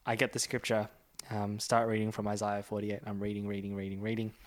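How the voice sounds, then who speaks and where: Brisk and monotone, a young minister with a fairly low voice delivers an earnest testimony during a conversation about faith. He also reads scripture aloud, growing more forceful as he goes.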